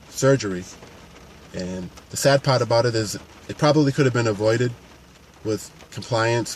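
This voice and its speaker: A paramedic and fitness coach speaks casually and earnestly to camera in a voice on the low side, unscripted and with frequent restarts. Slight background noise sits under the recording.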